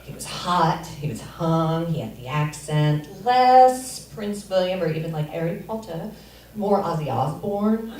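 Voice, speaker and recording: A middle-aged woman performs stand-up in a deadpan way, pausing on fillers. Her voice sits on the low side. It is picked up from a distance, so it rings with the theater's roomy echo. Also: a crowd in the background. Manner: deadpan delivery with filler pauses. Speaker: stand-up comic. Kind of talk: stand-up comedy set. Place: comedy theater stage. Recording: roomy echo, far from mic. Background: audience laughter.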